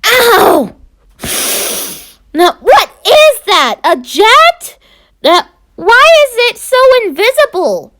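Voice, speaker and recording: A woman voicing an eager young male Dalmatian pup in a fan-read story, halting and stumbling over his words. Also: extremely high pitch, very animated, bright, forceful tone, pitched above the performer's own voice, heavily acted.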